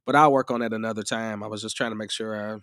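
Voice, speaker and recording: Feeling somewhat unwell, a man hosts a live music-production tutorial, talking fast in a fairly low, steady, slightly bright voice. The studio-quality audio has no room sound, and his chatty rambling is full of restarts.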